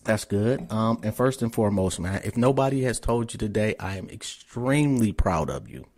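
A man's voice: lowish voice, animated, normal speed, darkish tone. Male podcast host, loose and profane, casual interview chat.

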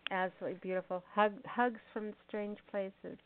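A woman's voice: medium pitch, fairly even intonation, moderate pace, slight background noise. A woman hosting a call-in radio show, chatting affectionately with callers. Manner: affectionate, calls callers endearing names. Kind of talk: casual call-in chat. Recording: tinny phone line.

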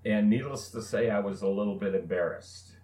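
A man in his forties co-hosts a casual chat show. His voice sits low, and his story wanders along with plenty of "uh" fillers. The room around him is echoey. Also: warm tone, slight background noise. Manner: rambling anecdote with many "uh" pauses. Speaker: co-host.

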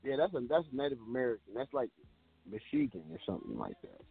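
A man's voice: medium pitch, wildly swooping pitch, racing, creaky, slightly rough. A man hosting a call-in radio show, trading jokes and playful banter with callers. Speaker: radio talk show host. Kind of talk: casual call-in radio chat. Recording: tinny phone-line sound.

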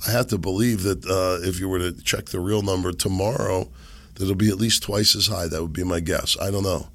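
A man hosting a podcast while sick and losing his voice. He rambles and makes sarcastic, muttered asides into a desk boom mic. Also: fairly even intonation, brisk, a bit bright. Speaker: podcast host. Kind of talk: casual commentary monologue. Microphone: boom microphone on a desk.

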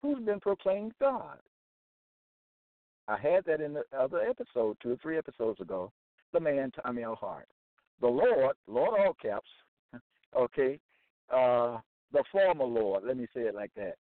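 Over a tinny, dry phone line, a man hosts a religious broadcast, preaching on Bible passages emphatically and repetitively while checking in with "okay?". His medium-pitched voice is sing-song and unhurried, with frequent pauses.

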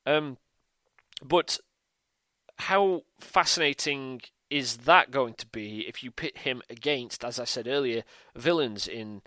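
A man's voice: medium pitch, slow pace, bright, forceful tone, dry recording. A man hosting a solo podcast, talking animatedly with rhetorical questions and frequent ums and restarts. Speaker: show host.

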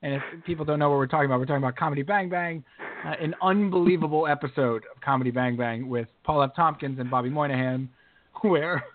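Podcast co-host, man, high lively voice, jokey and quick to laugh, thin phone-like sound. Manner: animated, laughs often, breaks into mock British singing. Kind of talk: casual sports chat.

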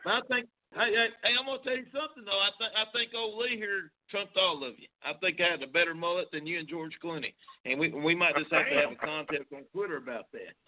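A man's voice: high voice, quick pace. A man in casual chat, joking and teasing the others with banter. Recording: phone-like line.

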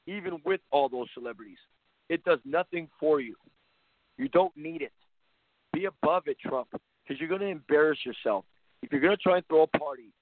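A man's voice: fairly high pitch, no room sound. A man hosting a talk show as a basketball coach, ranting bluntly and sarcastically with lots of repetition. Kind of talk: opinionated talk-radio rant. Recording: phone-line sound, dry.

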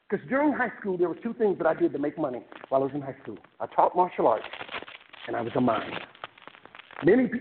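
A man giving an animated motivational talk to a university class, joking with the audience and taking questions in a lecture room. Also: high voice. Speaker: guest speaker. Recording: tinny phone-like recording with noise.

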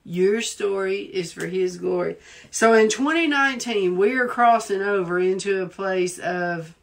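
A woman's voice: mid-range voice, unhurried, vocal fry. A woman with a Southern accent, a preacher leading a fervent live prayer, repeating phrases for emphasis and holding back tears. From Southern United States. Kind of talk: live prayer and prophetic exhortation.

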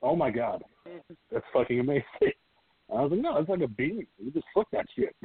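A man on a podcast cracks crude jokes and swears heavily in a husky voice. His pitch moves a lot. He sounds thin and dry, as if over a phone line. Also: very animated, brisk, no echo. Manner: crude, joking, heavy swearing. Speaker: podcast co-host. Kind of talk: casual chat.

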